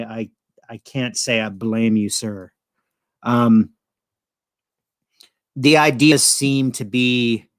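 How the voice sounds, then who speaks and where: A man's voice: medium pitch, no echo. A middle-aged man hosting a casual live stream, rambling and jokey with crude language. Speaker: host.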